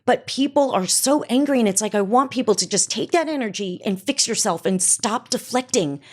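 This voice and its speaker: A woman's voice: on the high side, expressive, moderate pace, darkish tone. Blunt, emphatic middle-aged woman co-host. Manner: blunt, emphatic, repeats punchlines. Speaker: podcast co-host, mother. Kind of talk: casual chat.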